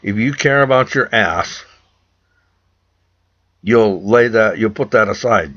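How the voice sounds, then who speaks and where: A man's voice: medium pitch, moderate pace, creaky, fairly bright tone. A man from the United States speaking straight to camera in an urgent, preachy rant, often repeating himself. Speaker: vlogger. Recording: dull lo-fi recording.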